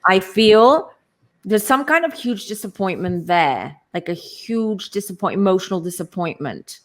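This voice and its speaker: A woman's voice: medium pitch, animated, a little slow. A woman reading tarot cards as a guest, musing aloud and searching for her words. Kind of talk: casual tarot reading chat.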